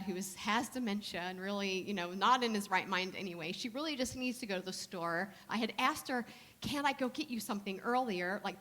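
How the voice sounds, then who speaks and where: A woman minister preaching a sermon in a conversational, storytelling way, slowing down softly to stress her points. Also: mid-range voice. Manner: conversational storytelling with slow soft emphasis.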